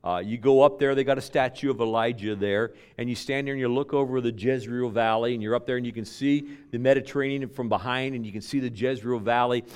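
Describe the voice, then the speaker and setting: Dramatic male preacher swinging loud and hushed. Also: medium pitch, fairly even intonation, fast talker, few pauses, smooth. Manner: storytelling with repeated words and restarts. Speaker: pastor. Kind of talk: sermon.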